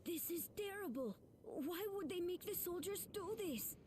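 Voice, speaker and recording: A woman's voice: very high voice, animated, measured pace, dark tone, slight background noise. An actress playing an earnest young woman in voiced game dialogue. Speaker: game character.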